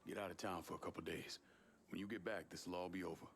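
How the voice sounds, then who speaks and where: An actor playing a calm, curt gangster in a video game who gives brusque orders. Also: male voice, sits low, quick pace, a little hiss or hum, natural voice.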